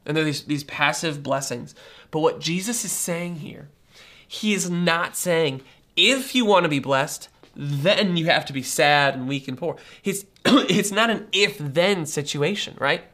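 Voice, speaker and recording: A man preaching a sermon in an animated, conversational way, acting out quoted reactions. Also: on the high side, unhurried. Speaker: pastor.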